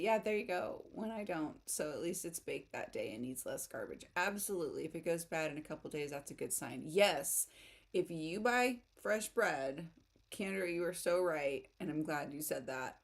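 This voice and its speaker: A chatty, giggly woman from the United States talks casually with her live audience, laughing at herself as she goes. Her voice sits a little low for a woman. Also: expressive, moderate pace, gravelly. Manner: chatty, giggly, self-deprecating. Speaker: writing livestream host. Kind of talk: casual chat reading live comments.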